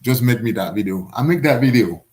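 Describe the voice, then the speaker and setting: A man from Africa in his forties, telling a story in broken English on a podcast. He acts out the other people's voices, and his pitch rises and falls a lot. His voice sits at a middling pitch. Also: expressive, fairly quick, darkish tone. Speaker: guest boxer. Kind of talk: casual storytelling.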